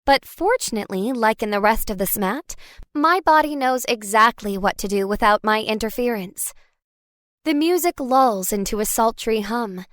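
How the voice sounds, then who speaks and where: Woman narrating with an expressive, wry tone. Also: a little high, moderate pace, dry recording, clean studio sound. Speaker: audiobook narrator. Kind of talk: scripted first-person narration.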